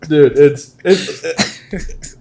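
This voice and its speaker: A man's voice: fairly high pitch, drawn-out words, a little hiss or hum. Laughing young man telling car-sales stories. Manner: storytelling, laughs often, animated. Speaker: podcast host. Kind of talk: casual chat.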